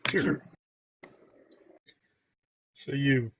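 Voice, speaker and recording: A man's voice: medium pitch, very slow, breathy edge, no room sound. A man narrating as game master of a tabletop game, rambling with many fillers. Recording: dull, muffled dry recording.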